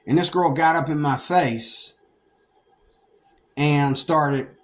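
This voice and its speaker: A middle-aged man from Pennsylvania telling stories from his past in a rambling, animated way, breaking into loud bursts when he acts out what others said. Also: fairly high pitch, slow pace. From Pennsylvania, United States. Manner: rambling, animated, acts out quoted people with sudden loud outbursts. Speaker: storyteller recounting his past. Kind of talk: casual monologue.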